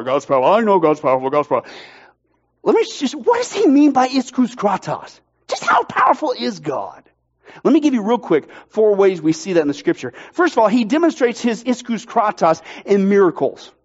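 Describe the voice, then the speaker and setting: High-voiced energetic preaching man. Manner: energetic, emphatic, jokey. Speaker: pastor. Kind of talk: sermon. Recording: dull lo-fi sound.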